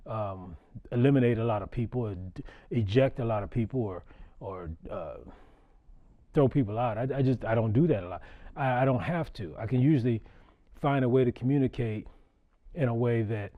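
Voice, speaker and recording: A man's voice: mid-range voice, expressive, moderate pace, long pauses, highs cut off. A middle-aged man, a basketball referee, telling a story to an audience in a conversational way, chuckling and repeating words as he restarts. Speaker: basketball referee giving a talk. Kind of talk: storytelling public talk.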